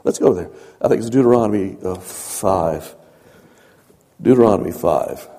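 A man preaches a sermon, talking to his listeners like a conversation and repeating phrases as he builds his points. His voice is mellow and a little husky, dropping to soft asides and rising to emphatic lines. The sound carries a long reverb like a large hall. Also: deep voice, expressive, moderate pace.

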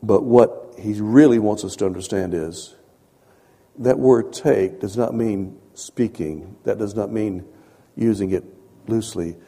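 A man preaching a sermon in a conversational way, repeating phrases and swinging from soft asides to emphatic points. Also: lowish voice, a little slow, slightly rough, in a large hall.

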